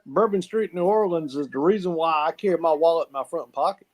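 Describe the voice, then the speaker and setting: A man's voice: a little high, brisk, darkish tone. A man from South Carolina with a Southern accent, telling folksy stories in a casual chat, repeating words as he goes.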